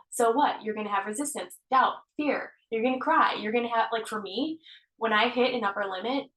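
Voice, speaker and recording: An earnest woman guest talks about healing in lively, open conversation, laughing often and dropping the odd curse. Her voice sits at a middle pitch and carries a noticeable roomy echo. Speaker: healer and guest. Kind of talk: casual conversation.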